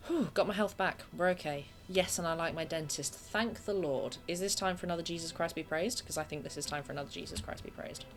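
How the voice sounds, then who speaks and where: A woman's voice: on the low side, quick pace, hardly any pauses. A woman from England chatting casually and getting sidetracked while streaming a video game from her bedroom. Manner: chatty, self-deprecating, easily distracted. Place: home bedroom.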